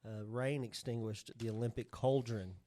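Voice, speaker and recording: A man's voice: medium pitch, steady tone, normal speed, dark tone. A man co-hosting a podcast, chatting casually and explaining trivia in a rambling way, with many fillers and restarts. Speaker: podcast co-host. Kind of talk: casual chat.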